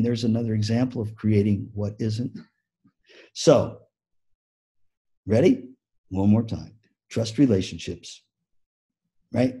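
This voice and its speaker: Keynote speaker, man, mellow and a bit husky, animated storyteller. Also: lowish voice. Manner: animated storytelling with acted-out quotes. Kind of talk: conference keynote talk.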